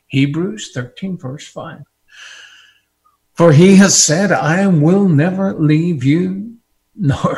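A man preaching a sermon, animated and often laughing, building to fervent repetition. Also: fairly high pitch, slightly rough.

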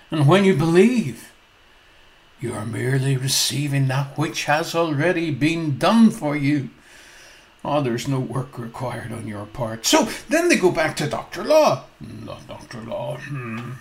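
A man's voice: on the high side, low-quality recording. A male preacher telling a parable in a sermon, emphatic and prone to asking his listeners questions. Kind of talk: sermon storytelling.

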